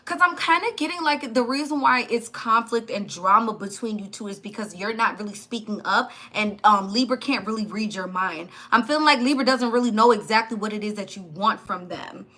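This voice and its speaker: A woman's voice: fairly high pitch, fairly quick, hardly any pauses, bright, forceful tone. A woman giving a live tarot reading, chatty and blunt, talking straight to her viewers. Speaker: tarot reader.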